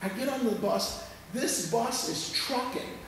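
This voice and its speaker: A pastor telling a story in his sermon, animated and conversational, often checking that listeners follow. His voice sits high and carries a gravelly edge. It rings through a large echoey sanctuary and is picked up from well away from the mic. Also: a little slow, a little hiss or hum. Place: church sanctuary. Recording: echoey church hall from far off.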